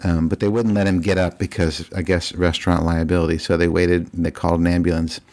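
A man's voice: sits low, level tone, fast talker, darkish tone. A man telling a rambling, casual story to his viewers, with lots of fillers and restarts and chuckling at his own tale. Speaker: vlogger.

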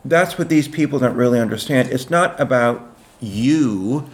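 A man's voice: mid-range voice, lively intonation, unhurried. A man in his sixties co-hosting a podcast, talking politics casually and stretching out key words for emphasis. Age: 60s. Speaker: podcast co-host.

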